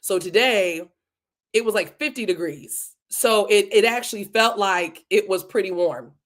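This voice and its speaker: A woman's voice: medium pitch, measured pace. A woman hosting a live podcast, greeting viewers one by one and talking to them in an effusive, repetitive way. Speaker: podcast host. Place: home in Delaware.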